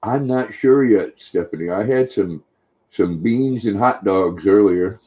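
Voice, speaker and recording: A man's voice: fairly low pitch, unhurried, lo-fi sound. An older man hosting a casual live stream, chatting affectionately and talking sweetly to his dog.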